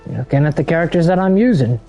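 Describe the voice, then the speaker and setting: A man's voice: on the high side, expressive, fast talker, dark tone, faint music behind. A man streaming a game, ranting angrily with heavy profanity at other players. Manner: angry, heavily profane, ranting. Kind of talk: ranting gameplay commentary.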